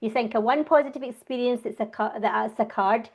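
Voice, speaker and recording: A Scottish woman, a wellbeing coach, talking fast and enthusiastically as a guest in a conversational interview. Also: on the high side.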